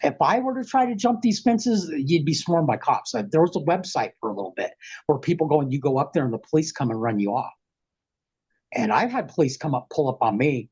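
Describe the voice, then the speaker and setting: A middle-aged man on a podcast, rambling through an animated, slangy story and acting out what people said. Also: medium pitch, brisk, slightly rough. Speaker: podcast guest. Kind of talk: casual storytelling.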